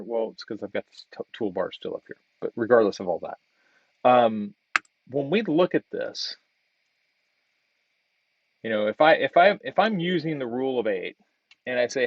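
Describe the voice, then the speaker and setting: A man's voice: mid-range voice, expressive, normal speed, long pauses, no room sound, lo-fi sound. Man giving a casual design critique. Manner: conversational, thinking aloud with fillers and restarts. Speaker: design instructor. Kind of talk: screen-share design critique.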